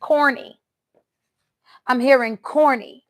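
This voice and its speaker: A woman's voice: high-pitched, steady tone, takes it slowly, roomy sound. A woman doing a casual tarot reading for viewers, talking in a blunt, mocking, sassy way. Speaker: tarot reader.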